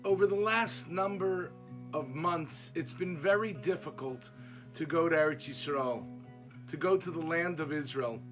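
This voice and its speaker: A man's voice: a little high, unhurried, over music. A man telling a moving story in an emotive way. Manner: emotive, acts out pleas in a raised voice. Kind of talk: heartfelt storytelling.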